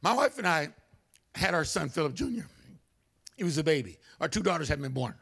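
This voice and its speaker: A man preaches in a church, spinning a comic personal story. His voice sits high, with a gravelly edge and big swings in pitch. He is animated throughout and acts out every voice in the tale. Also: brisk. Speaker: guest preacher. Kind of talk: humorous storytelling sermon. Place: church sanctuary.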